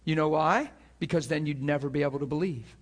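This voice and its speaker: A man preaching with fervor, his voice sitting a little high for a man. He acts out scripture scenes in voices and laughs often, sometimes close to tears. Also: fairly even intonation, fast talker. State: near tears at times. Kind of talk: sermon.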